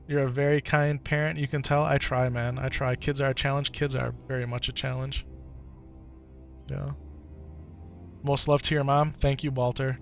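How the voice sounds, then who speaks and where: A man in his thirties with an American accent, a streamer and father talking at home, gentle and patient with his child, lively with his chat. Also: mid-range voice, moderate pace, vocal fry, highs cut off, soft background music. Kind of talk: casual live-stream chat.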